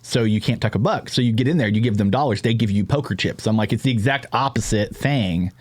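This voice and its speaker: A man's voice: fairly low pitch, fast talker, no echo. A man hosting a podcast, rambling through jokey, profane casual chat. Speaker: podcast host.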